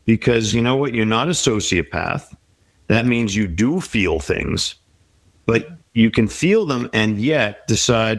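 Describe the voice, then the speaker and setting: In a dry recording, a guest author answers conversational interview questions with life advice, reflective and encouraging. The middle-aged man's voice sits on the low side, expressive and unhurried.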